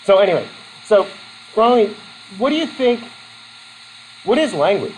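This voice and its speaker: A man from Vermont lectures a classroom and calls on students by name. His pitch swings widely as he talks, and his delivery is chatty and self-deprecating, full of fillers and restarts. A faint hiss sits under the recording. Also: big pitch swings, normal speed, poor audio. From Vermont, USA. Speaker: college instructor.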